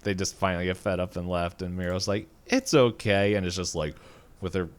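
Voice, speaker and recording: Podcast co-host, male, low and smooth voice, rambling casual recap full of fillers and chuckles. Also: flat delivery, quick pace.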